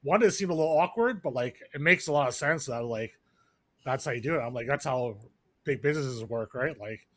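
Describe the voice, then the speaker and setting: Animated and brisk, this man's medium-pitched voice comes through with no echo. He's a podcast co-host in casual chat, rambling along with lots of fillers and restarted sentences.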